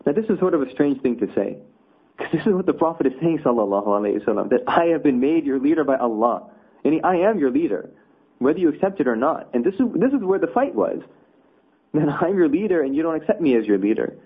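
A man's voice: on the high side, sing-song, quick pace, husky. A man teaching a conversational religious lesson, explaining with rhetorical asides. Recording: tinny phone-like audio.

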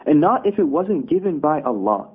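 A man's voice: on the high side, big pitch swings, normal speed, slightly rough. A man teaching a conversational religious lesson, explaining with rhetorical asides. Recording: tinny phone-like audio.

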